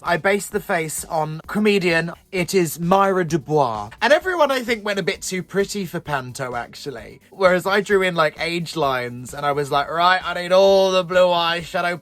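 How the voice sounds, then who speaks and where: Male guest, lively wry storyteller, video call audio. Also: fairly high pitch. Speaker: guest drag performer. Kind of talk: casual chat about own looks.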